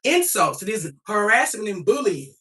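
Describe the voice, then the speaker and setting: A young adult woman livestreaming, firing back at her chat in a profane, preachy, confrontational way. Her voice is bright and sharp. She sits a little back from the mic, so the sound is somewhat distant. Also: medium pitch, sing-song, moderate pace. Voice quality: profane, defiant.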